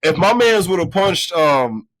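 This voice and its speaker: A man co-hosting a film review podcast, chatting casually in a laid-back, slangy way and acting out scenes with quick put-on voices. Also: sits high, very animated, fairly bright tone, no echo. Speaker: podcast co-host.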